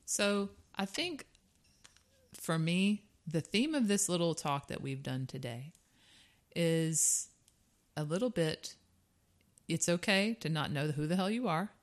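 Low-voiced woman in casual chat. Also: big pitch swings, slow. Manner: candid, laughing, swears casually. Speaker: podcast co-host.

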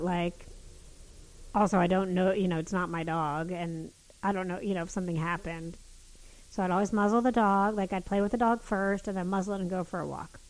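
A woman telling a story in casual chat, animated and swearing, with many restarts. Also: medium pitch, poor audio.

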